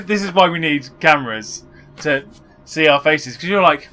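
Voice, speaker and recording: Animated, teasing gamer. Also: male voice, a little high, soft background music. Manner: teasing and animated, quick to joke. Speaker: co-host of a gaming channel. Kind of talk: casual let's-play commentary.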